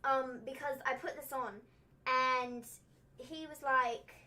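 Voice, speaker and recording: A woman's voice: high-pitched, steady tone, slow pace, sharp tone. A young woman hosting a wrestling recap livestream, chatting casually and teasingly, with frequent "um" and "like".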